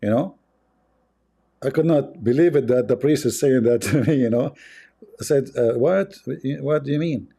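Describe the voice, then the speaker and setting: Man, mocking and mellow. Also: medium pitch, normal speed. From Arab world. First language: Arabic. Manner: sarcastic, repetitive, chuckling asides. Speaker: livestream host. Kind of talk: mocking livestream commentary.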